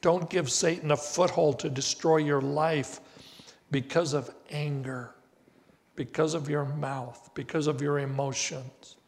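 An older man preaches slowly and deliberately, leaning hard into key words. His voice sits somewhat high for a man. The sound rings with the long reverb of a church hall. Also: steady tone, gravelly. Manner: slow, deliberate preaching with emphatic rises. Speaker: pastor. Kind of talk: sermon. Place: church sanctuary.

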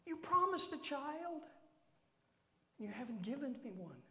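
A man voicing a whiny, complaining aging patriarch in a high plaintive tone during a sermon. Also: very animated, measured pace, sharp tone, full character voice. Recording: echoey hall.

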